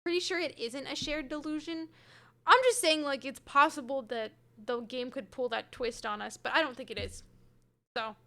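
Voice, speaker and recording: This young woman's high voice has a sharp tone and fairly even intonation, moving at a moderate pace. Streaming a game from her room with her cat nearby, she casually reads chat, hedges, and responds to viewers by name.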